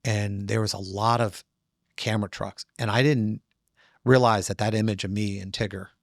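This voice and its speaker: Middle-aged man, trial lawyer, gravelly low voice, animated storyteller, dry close mic. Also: normal speed, no room sound. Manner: animated, acts out other voices in quotes. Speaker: trial attorney telling a story. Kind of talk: casual storytelling interview.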